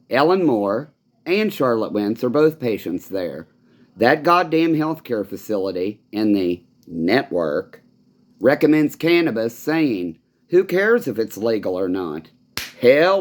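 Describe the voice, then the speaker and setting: A man's voice: medium pitch, a little mellow. A man giving an angry, rambling personal monologue, swearing often and sounding bitter. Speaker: vlogger.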